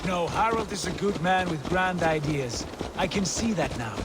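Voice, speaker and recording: A man's voice: sits high, expressive, moderate pace, very noisy. An actor playing a courtly English nobleman in a video game, with an upper-class English accent and a formal manner. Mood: impressed. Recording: game clip over loud ambience.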